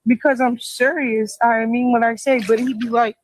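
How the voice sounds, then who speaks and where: Rambling high-voiced woman, dry sound. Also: level tone, normal speed, no echo, rough recording. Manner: rambling, emphatic, repeats herself. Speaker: interviewee in a played clip. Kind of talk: casual livestream talk.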